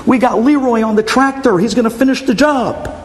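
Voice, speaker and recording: A man's voice: extremely high pitch, a little fast, voice pushed up. A man voicing reluctant young men in tuxedos who whine and plead. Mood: whiny. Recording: long hall reverb.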